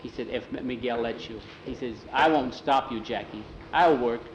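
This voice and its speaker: A man's voice: mid-range voice, moderate pace, muffled recording. Folksy male storyteller in a roomy space. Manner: relaxed folksy telling, slips into broken-English character voices. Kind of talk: oral storytelling, voicing characters. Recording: roomy, faint ambient noise.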